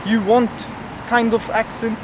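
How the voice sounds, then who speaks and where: A man's voice: extremely high pitch, level tone, measured pace. A man doing a boastful dreamer by traffic. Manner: rambling, boastful, full of fillers. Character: grandiose, dreamy young man with big ambitions. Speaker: interviewee. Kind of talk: comedic street interview. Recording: outdoor traffic noise.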